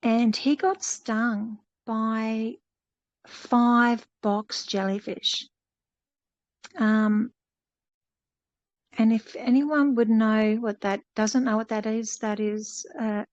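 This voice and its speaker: Woman retelling a story, high voice. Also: a little mellow, no room sound, dull audio. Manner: rambling, many fillers and restarts, paraphrasing a story. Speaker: fellowship participant. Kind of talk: casual testimony retelling.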